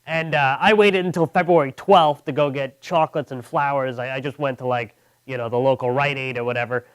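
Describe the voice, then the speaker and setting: Young New comic with a smooth voice. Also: male voice, medium pitch, brisk. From Long Island, New York. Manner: deadpan, mocking voices of others. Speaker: stand-up comedian. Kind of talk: stand-up comedy set. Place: comedy club.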